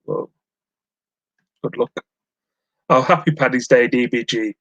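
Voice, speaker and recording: A man's voice: mid-range voice, unhurried, fairly bright tone, rough recording. A man hosting a live stream from home, chatting casually and rambling as he reads out his viewers' messages with self-mocking humour. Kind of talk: casual chat while reading live chat.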